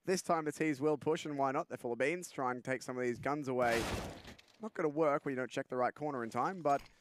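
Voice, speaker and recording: A man giving brisk, steady play-by-play commentary on a live esports match. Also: mid-range voice, background noise. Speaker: esports caster.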